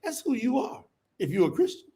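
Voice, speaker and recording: A man preaching with fire to a live audience, emphatic and colloquial, calling out to the crowd as y'all and bursting into shouts. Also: very high voice, wildly swooping pitch, a little fast. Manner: colloquial, addresses listeners as y'all. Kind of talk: fiery sermon to a live audience.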